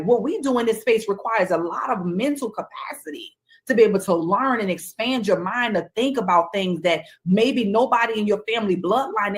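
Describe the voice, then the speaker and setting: Female panel host, affirming and encouraging, mid-pitched. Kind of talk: casual panel talk.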